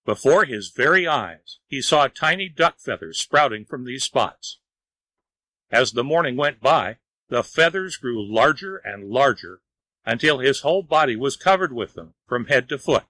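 Bright-voiced man reading a storybook. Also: mid-range voice, dry recording, low-quality recording. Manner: measured, even reading. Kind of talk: storybook narration.

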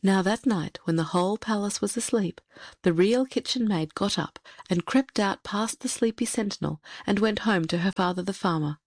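A woman narrating a fairy tale in a measured, expressive storytelling manner. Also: medium pitch, no room sound, studio quality.

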